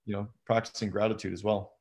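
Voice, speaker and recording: Gravelly low-voiced man explaining habits. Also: level tone, quick pace, darkish tone. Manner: conversational, explains habits step by step. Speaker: guest. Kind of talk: casual live conversation.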